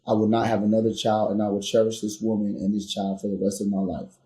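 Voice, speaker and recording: A man guest on a podcast tells a personal story candidly and earnestly, acting out heated arguments that build to loud intensity. His lowish voice is level and fast, with a roomy sound.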